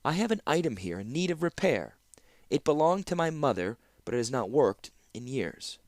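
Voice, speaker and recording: A man's voice: medium pitch, sing-song, moderate pace, a little mellow, no room sound, clean studio sound, voice pushed up, close to an everyday voice. A man voicing a spoiled, curt young princess in an audiobook reading. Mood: haughty. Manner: curt and self-assured. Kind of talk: audiobook character voice.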